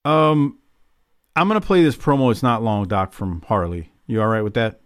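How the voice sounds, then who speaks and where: Male podcast host, lively casual recap talk, dry studio mic. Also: lowish voice, moderate pace, clean tone, dry recording. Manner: casual, lively, joking, swears. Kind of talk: casual wrestling recap chat.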